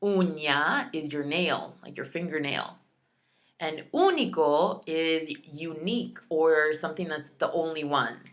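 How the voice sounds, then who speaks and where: A woman teaching a recorded Spanish lesson, slowly drilling words and repeating each one, with chatty asides between drills. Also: sits low, expressive. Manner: slow, careful pronunciation drills, repeating each word.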